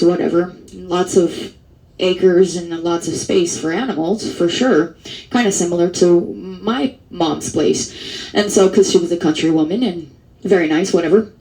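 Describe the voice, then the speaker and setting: A woman's voice: lowish voice, darkish tone, poor audio. Woman vlogger, rambling monologue, lots of restarts, blunt and profane. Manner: rambling, with many restarts and fillers. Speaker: advocacy vlogger. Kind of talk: casual monologue to camera.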